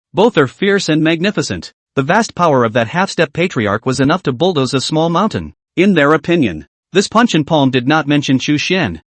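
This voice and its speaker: A man reading a scripted story recap as narrator, in an even storytelling manner. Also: on the high side, dry recording.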